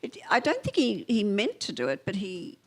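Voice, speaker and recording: A woman's voice: medium pitch, huge pitch swings, moderate pace, husky. An older Australian woman, a film editor, chatting onstage in a rambling way full of fillers. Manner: chatty, trailing off with many fillers. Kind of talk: onstage conversation.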